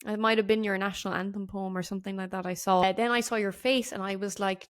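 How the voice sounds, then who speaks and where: Woman, podcast host; mid-pitched, casual, rambling and enthusiastic. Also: steady tone, fast, hardly any pauses, smooth. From Ireland. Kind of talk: casual interview chat.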